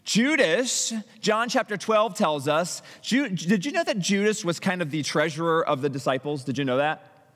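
Male pastor, sermon, storytelling delivery, stumbling restarts, slightly high voice, long hall reverb. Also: moderate pace. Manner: animated storytelling with frequent restarts and acted-out quotes.

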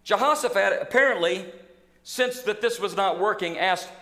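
A man preaching a sermon in a church, telling a story in an animated, acting-out way. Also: high voice, moderate pace. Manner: storytelling, animated, acts out scenes. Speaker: pastor. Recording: echoey church hall.

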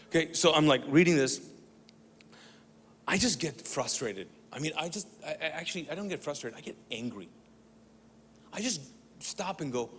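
A man's voice: fairly high pitch, fairly quick, a little hiss or hum. Man telling his testimony in a hall. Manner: animated, comic retelling with acted-out dialogue. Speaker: speaker sharing a testimony. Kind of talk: testimony storytelling to an audience.

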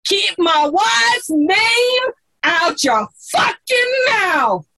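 A furious celeb impression, screaming way up high, dragged out slow. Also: male voice, very animated, gravelly, pushed and bright, heavily acted. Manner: screaming in rage. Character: impression of a famous actor, furious shouting man.

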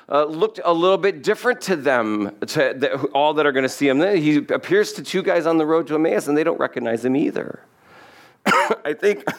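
Man preaching a conversational sermon. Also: on the high side. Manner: conversational, humorous asides. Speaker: pastor. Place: church sanctuary.

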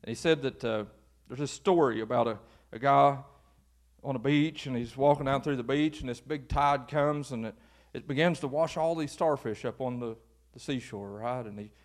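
A male pastor preaching an informal, folksy sermon that builds to animated exhortation. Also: mid-range voice, normal speed.

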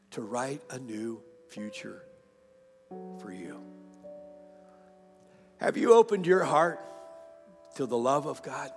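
A pastor preaching a sermon, retelling a woman's testimony with animated emphasis and fervent questions to the congregation. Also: a little high, gravelly, long reverb tail. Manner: animated storytelling, quoting a woman's testimony, rising to fervent appeals.

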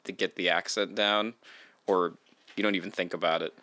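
A man's voice: deep voice, fairly even intonation, normal speed, bright, forceful tone, no room sound. A man hosting a podcast interview, asking rambling questions full of fillers. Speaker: podcast host. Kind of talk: casual interview chat.

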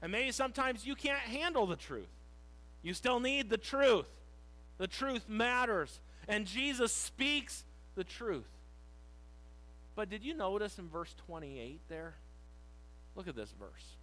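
A male pastor preaching a sermon, reading scripture slowly and shifting between loud emphasis and quiet. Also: very high voice, sing-song, low-quality recording.

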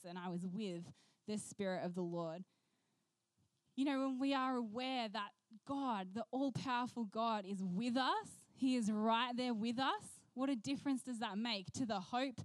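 A woman preaching a sermon, telling a personal story in an animated way and acting out the voices she quotes. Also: fairly high pitch, dry recording.

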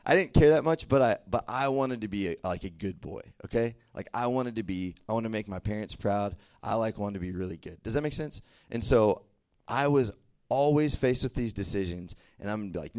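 A young man from the American South preaching in a loose, conversational way and checking in with the room with "right?" and "okay?". His voice sits low, and the sound is dry and close. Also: darkish tone, no echo. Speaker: youth preacher. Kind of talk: casual sermon to a crowd.

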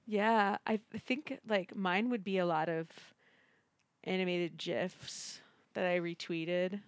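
A woman co-hosting a book podcast, chatting casually with quick asides and frequent laughter. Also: fairly low pitch. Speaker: podcast co-host. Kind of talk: casual book-club chat.

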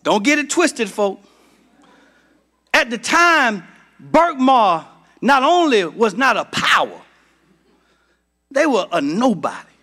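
A middle-aged man from Georgia preaching a sermon as pastor, building to shouts and calling out to the congregation. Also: very high-pitched, very animated, slow, pauses often. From Georgia, United States.

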